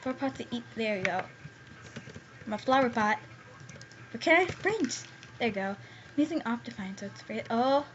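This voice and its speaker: A young woman giving excitable gameplay commentary as a gaming YouTuber, squealing and pleading when scared. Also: a little high, moderate pace, long pauses. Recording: dull lo-fi home recording with faint hiss.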